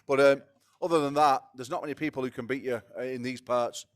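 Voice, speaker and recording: A man promoting fights at a press conference, excitable, swearing and stumbling over repeated words. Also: mid-range voice, brisk.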